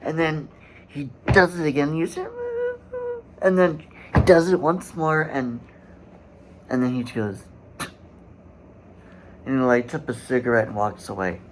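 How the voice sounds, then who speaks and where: A man hosting a solo commentary podcast, speaking in a halting way with many fillers and restarts and growing indignant. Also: fairly high pitch, slight background noise, low-quality recording. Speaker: podcast host.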